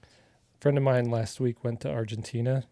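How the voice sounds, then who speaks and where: A man from Arizona giving a relaxed, chatty digital art tutorial, talking as he works, with filler words and restarts. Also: mid-range voice, normal speed, no echo. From Arizona, USA. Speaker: artist teaching a digital coloring tutorial. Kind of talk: casual live drawing tutorial.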